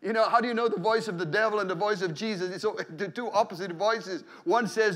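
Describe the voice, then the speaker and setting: A man with a high, light voice preaching a sermon. He talks to the congregation in an easy, conversational way, doubling back on words as he goes, and now and then he lifts into loud exclamations of praise. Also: quick pace, few pauses. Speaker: pastor.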